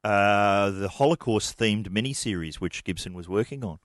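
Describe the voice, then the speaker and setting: A man hosting a comedic radio chat, with wry, deadpan jokes. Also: fairly low pitch, normal speed, dry recording, studio quality. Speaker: radio host.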